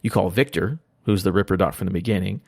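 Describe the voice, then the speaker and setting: A man with a lowish, gravelly voice talks fast in a casual podcast chat, retelling a story and slipping into quoted lines as he goes. The recording is dry and close, with no room sound. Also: darkish tone, no echo. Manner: rambling retelling of a game plot, quoting characters. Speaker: podcast guest.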